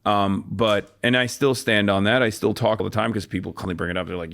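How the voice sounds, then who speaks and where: A man's voice: on the low side, fairly even intonation, a little fast, creaky, few pauses, a bit bright. A man talking politics on a stream in an argumentative, lecturing way. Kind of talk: casual political talk.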